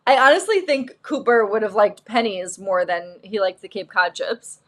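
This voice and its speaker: A woman in her thirties hosting a live shopping stream, telling stories in a casual, animated way with lots of fillers. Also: medium pitch, moderate pace. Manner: animated storyteller, acts out quotes, lots of "like" and "um". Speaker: host of a live shopping show.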